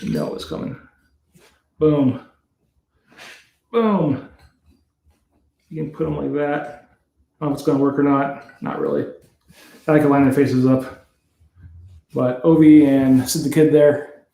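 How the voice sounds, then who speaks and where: The speaker is a Canadian man running a card break, casually reading off player names and laughing at the awkward-to-say ones. His mid-range voice is gravelly, mellow and expressive, moving a little slowly with long pauses. It's recorded in an echoey room.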